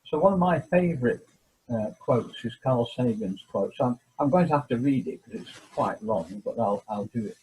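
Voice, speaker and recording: A man speaks over a video call in a relaxed, mellow voice with a rough, husky edge. He talks hesitantly, stopping and restarting often. His pitch sits in the middle range. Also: normal speed, low-quality recording. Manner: hesitant, many fillers and restarts. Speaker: guest, former mayor. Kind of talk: casual interview, reading a quote aloud. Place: home, remote video call.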